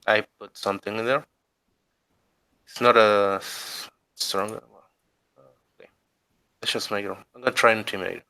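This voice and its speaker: A man's voice: lowish voice, steady tone, unhurried, pauses often, pushed and bright. A man playing a tabletop game, talking casually and hesitantly as he decides his moves. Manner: hesitant, many fillers while deciding. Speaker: player.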